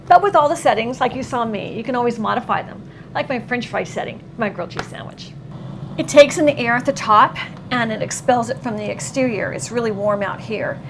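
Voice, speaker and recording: A woman's voice: a little high, gravelly, a little hiss or hum. Upbeat woman hosting a cooking demo. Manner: upbeat, exclaims over the food; talks with her mouth full while tasting. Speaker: cooking show host. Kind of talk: cooking demonstration.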